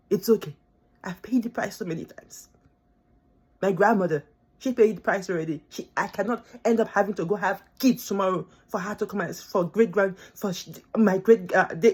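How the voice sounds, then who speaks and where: Speaking in a husky, mid-range voice, a young foreign-born student vlogs straight to camera. Her rant is emotional and pleading, and she repeats herself to drive points home.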